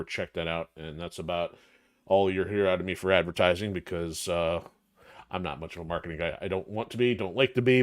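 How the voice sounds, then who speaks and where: Deep-voiced man, middle-aged, stream host, casual rambling chat, fillers and restarts. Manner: rambling, self-correcting, frequent fillers.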